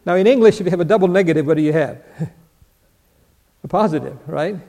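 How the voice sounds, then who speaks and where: An older man preaching in a large hall with a long reverb. His voice is high-pitched, gravelly and mellow. He puts questions to his listeners, answers them himself and chuckles along the way. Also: fast talker. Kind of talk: sermon with Bible teaching.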